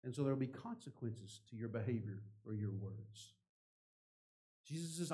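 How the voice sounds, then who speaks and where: An older man preaching a sermon, a pastor whose delivery swings from loud emphasis to quiet, intense passages. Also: medium pitch, lively intonation, normal speed.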